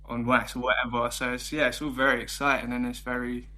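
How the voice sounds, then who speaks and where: Young London band member, very monotone, hesitant and halting in interview. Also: male voice, mid-range voice. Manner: hesitant, searching for words, flat delivery. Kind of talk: casual interview chat.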